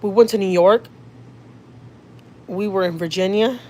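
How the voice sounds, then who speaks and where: Speaking at a measured pace with a darkish tone and medium pitch, a Houston woman hosts a casual livestream from her car. She reads viewer comments over her phone mic, swearing freely in her Houston accent.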